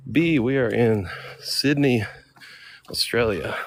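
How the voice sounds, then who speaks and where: A man livestreams outdoors on seaside cliffs into a handheld phone, chatting casually and reading out viewer names to thank them. His voice is medium-pitched at a normal speed.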